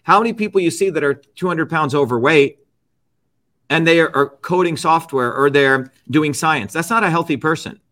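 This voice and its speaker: A man's voice: fairly high pitch, normal speed, a bit bright. Emphatic middle-aged man, lecturing. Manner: emphatic, keeps checking with "okay?" and "right?"; lecturing, repeats key phrases. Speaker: interview guest. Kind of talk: argumentative interview talk.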